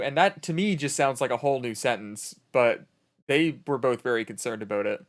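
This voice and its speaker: A man casually retelling a story from a roleplay game, rambling and animated, quoting what others said. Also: mid-range voice, fairly quick. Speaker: streamer in a roleplay server.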